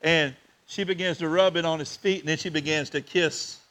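A man preaching to his congregation, his voice climbing to loud and then sinking to a near whisper. His tone is bright and a little high for a man. He tells the story with open emotion. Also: fairly even intonation, moderate pace. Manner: emotional, swings between loud and hushed. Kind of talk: sermon.

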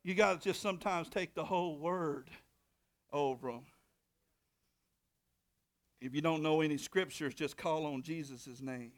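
A man preaching a sermon, with rising shouted bursts and call-and-response to the congregation. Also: on the high side, measured pace, pauses often. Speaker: pastor.

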